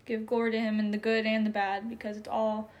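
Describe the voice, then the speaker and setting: An earnest young woman talks through her faith in a loose, conversational way, full of fillers and feeling. Her voice sits a little high for a woman. She speaks openly, as if to friends. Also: monotone, fairly quick, a little mellow, highs cut off. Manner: earnest, emotional, many "like" fillers. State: tearful at times. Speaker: faith podcast co-host. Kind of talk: casual faith testimony.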